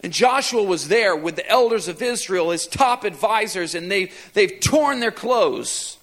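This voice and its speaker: A man's voice: high voice, lively intonation, a little slow, a bit bright. A man preaching a sermon as pastor, retelling a scripture passage and driving home repeated refrains with rising emphasis.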